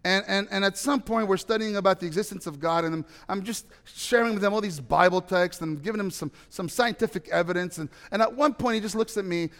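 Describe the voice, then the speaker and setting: High-voiced man preaching in a reverberant hall. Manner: animated storytelling with sudden loud emphasis and quiet asides. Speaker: pastor. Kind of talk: sermon.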